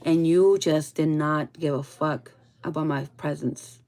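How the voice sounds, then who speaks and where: A woman giving a casual spiritual reading to her viewers, blunt and full of swearing, often trailing off soft and low. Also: steady tone, unhurried. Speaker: tarot reader.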